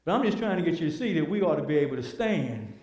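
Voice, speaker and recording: A man's voice: fairly high pitch, sing-song, fast, darkish tone. A man teaching a church Bible class, preaching with emphatic repetition and rhetorical questions. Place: church hall. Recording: echoey church hall.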